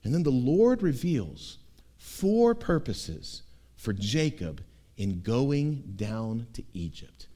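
A man preaching an expository sermon as pastor, emphatic and given to repeating key words, moving between loud stresses and hushed, quiet passages. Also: medium pitch, sing-song, slow pace.

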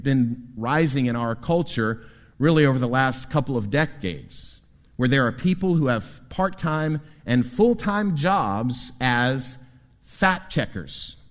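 A male pastor with a mid-range voice delivers an animated sermon in a church sanctuary. He makes asides to the congregation, and the church hall gives the recording a long reverb.

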